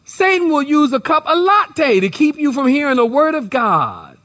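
Pastor with a very high voice, preaching in an animated, joking manner. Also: male voice, moderate pace, few pauses. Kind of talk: sermon. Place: church sanctuary.

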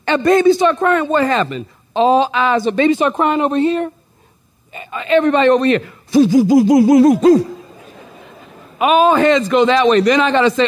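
Man, pastor, very high voice, animated joking sermon, church sanctuary.

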